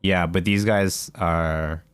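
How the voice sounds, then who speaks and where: A man's voice: low voice, steady tone, slow, clear, resonant tone, dry recording, clean studio sound. A man co-hosting a podcast in casual chat, rambling with many fillers and restarts. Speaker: podcast co-host.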